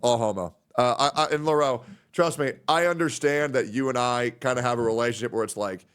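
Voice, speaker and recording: A man's voice: fairly quick, a bit bright, smooth. Rambling emotional man streaming. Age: 30s. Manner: rambling, emotional, puts on high voices when quoting friends. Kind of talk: casual stream chat.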